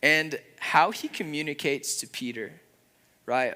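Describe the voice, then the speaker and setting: A young man preaching a sermon in an earnest, conversational way, with a father's warmth. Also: medium pitch, moderate pace. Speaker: pastor.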